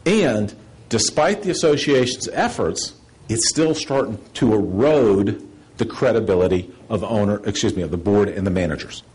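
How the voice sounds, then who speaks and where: A man giving a seminar lecture, blunt and sarcastic, acting out quoted questions in a higher voice. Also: lively intonation, moderate pace, a little mellow, breathy edge, poor audio.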